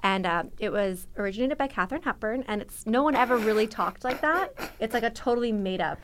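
A woman's voice: fairly high pitch, lively intonation, fast talker. Woman podcast regular, chatty tangent-spinner. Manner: rambling tangents, lots of "like". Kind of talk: casual podcast chat.

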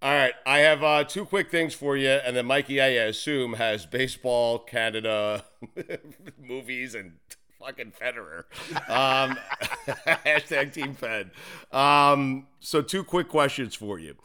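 Laughing, excitable male radio host. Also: medium pitch, a little slow, smooth. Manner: excitable, laughs often, swears. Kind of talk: casual sports radio banter.

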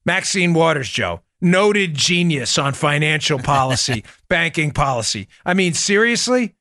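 A man hosting a political commentary talk show, animated and indignant, often calling his listeners folks. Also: a little high, unhurried. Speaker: host.

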